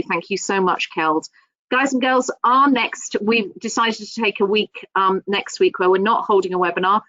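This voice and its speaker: A woman hosting a webinar, hesitant with many pauses and effusive in her thanks. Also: mid-range voice, a bit bright, no echo, lo-fi sound. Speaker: webinar host.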